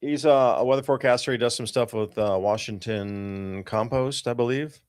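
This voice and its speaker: A man hosts a live podcast show and walks his listeners through forecast charts. His voice sits at an ordinary middle pitch, and his delivery is urgent and emphatic. He rambles loosely and often restarts his sentences. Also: moderate pace, smooth. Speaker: podcast host. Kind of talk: live-show commentary over weather charts.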